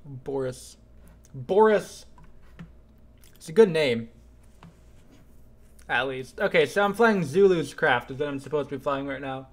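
Young guy streaming a game, kinda high voice, gets loud and hyped fast. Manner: excitable, bursts louder when things happen. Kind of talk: live gameplay commentary, chatting with viewers.

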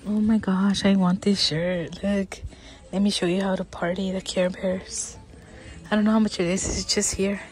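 A middle-aged woman filming a casual shopping vlog inside a large department store, chatting, often dropping to a whisper and gasping with excitement. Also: mid-range voice, normal speed. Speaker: vlogger.

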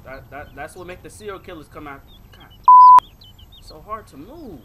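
A man's voice: a little high, animated, normal speed, noisy background. A man doing horror game commentary as a gaming video creator, jumpy and talking to viewers, yelping and swearing at the scares.

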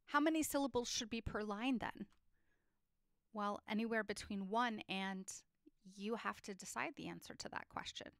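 A woman teaching a lesson on poetry structure, explaining clearly and reading poems aloud with feeling. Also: medium pitch, normal speed, fairly bright tone, dry recording, clean studio sound.

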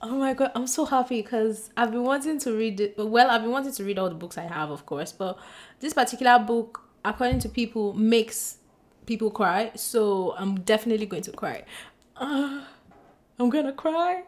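A woman chatting excitedly to her camera as a book vlogger, bubbly and giggly, gushing as she goes. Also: fairly high pitch, normal speed. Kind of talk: excited casual vlog chat. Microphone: compact camera mic.

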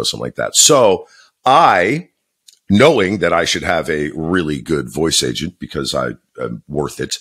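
Husky, animated man, blunt and profane. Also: sits low. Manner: swears freely, blunt and joking. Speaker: podcast co-host and voice actor. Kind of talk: casual podcast chat.

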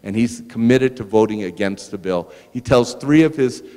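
At a museum, a man gives a public lecture, telling a story in a lively anecdotal way and turning to the audience with asides. His mid-range voice moves at normal speed, with long reverb from a large hall.

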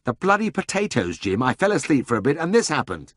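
A man's voice: a little high, very animated, fast, no echo, clean studio sound, pitched above the performer's own voice. A man voicing a breezy, sheepish young man in an audiobook. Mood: stricken. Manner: light, sheepish.

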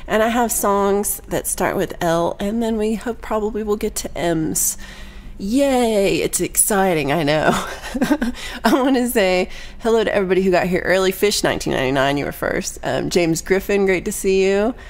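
A woman from Texas hosting her weekly livestream song show, chatting casually with viewers in a bubbly way, with quick asides and frequent laughs. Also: medium pitch.

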